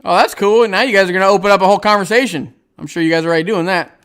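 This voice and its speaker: Racing along in a steady tone, this man chats on a relaxed livestream, reading out viewer comments and wandering through his thoughts. His voice is high, bright and crisp, and he hesitates a lot, stacking fillers and restarts while chuckling often.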